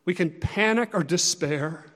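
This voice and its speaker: A high-voiced male pastor preaching with earnest, conversational directness. His loudness swells and falls for emphasis, and a long reverb trails each phrase through a large hall. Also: a little slow. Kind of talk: sermon.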